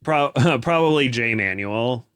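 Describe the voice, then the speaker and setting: Man, podcast co-host, rambling and hesitant, mid-pitched, dry close sound. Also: lively intonation, unhurried, fairly bright tone, clear, resonant tone, dry recording. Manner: rambling, hesitant, with amused asides. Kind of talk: casual chat.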